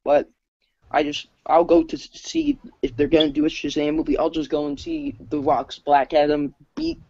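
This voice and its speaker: Husky, gravelly guest on a live chat. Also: mid-range voice, very animated, moderate pace, darkish tone, no room sound. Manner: eager, jumps in to try impressions. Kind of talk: casual chat on a live stream. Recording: dull, dry lo-fi audio.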